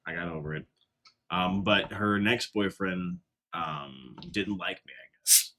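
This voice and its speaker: A man's voice: sits low, a little slow, low-quality recording. A young man co-hosting a casual podcast, telling stories with lots of laughing and swearing. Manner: animated storyteller, laughs often, swears. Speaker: podcast co-host. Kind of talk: casual banter.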